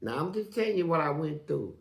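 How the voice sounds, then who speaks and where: A man's voice: fairly quick, gravelly, reverberant. A man, a guest in an interview, tells stories in profane street slang and acts out the voices in them. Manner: animated, acts out quotes with big jumps in pitch. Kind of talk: storytelling in an interview.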